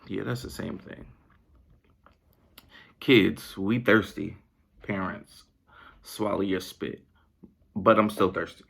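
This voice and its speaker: A man hosting a podcast in a comedic monologue, incredulous and animated, laughing often. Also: sits low, a little slow, vocal fry, long pauses, husky. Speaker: podcast host.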